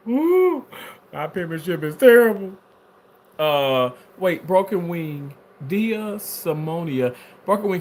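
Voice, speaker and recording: A playful man hosts a casual livestream, reading out chat comments and answering them with easy laughter. His voice sits a bit high and swings widely in pitch. A faint hum of ambience sits behind him. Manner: animated, playful, laughs often; reads viewer comments aloud and replies.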